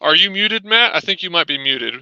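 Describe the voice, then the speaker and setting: A man's voice: high-pitched, expressive, a little fast, sharp tone, clean tone, dry recording, highs cut off. A man co-hosting a live-streamed discussion, talking casually with lots of "um" fillers and putting questions to his co-host over a video call. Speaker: livestream co-host.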